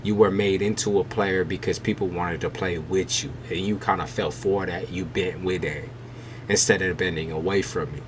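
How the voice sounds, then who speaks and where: A man's voice: sits low, fairly even intonation, moderate pace, background noise. A man giving a live-stream tarot reading, blunt and emphatic, with heavy swearing. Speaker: tarot reader.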